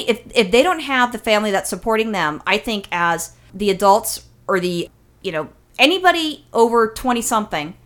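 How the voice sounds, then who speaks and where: A middle-aged woman from California, co-hosting a casual podcast, telling stories in a blunt, profane, animated way. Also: mid-range voice. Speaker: podcast co-host.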